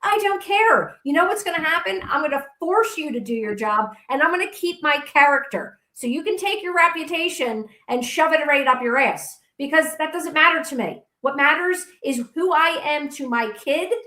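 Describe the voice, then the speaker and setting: Combative high-voiced woman, echoey room. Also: animated, moderate pace, hardly any pauses, pushed and bright. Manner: combative, blunt, profane. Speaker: guest. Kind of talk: heated interview.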